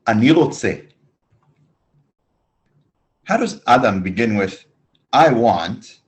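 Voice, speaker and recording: A man teaching a beginners' Hebrew webinar, slowly modelling words for students to listen and repeat. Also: mid-range voice, big pitch swings. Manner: slow, drilled listen-and-repeat prompts. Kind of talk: online language lesson. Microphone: webinar microphone.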